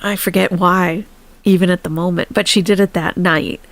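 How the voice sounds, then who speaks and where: A woman's voice: fairly low pitch, fairly even intonation, normal speed, dry recording. A woman hosting a live stream, chatting casually and animatedly, laughing often and thanking viewers.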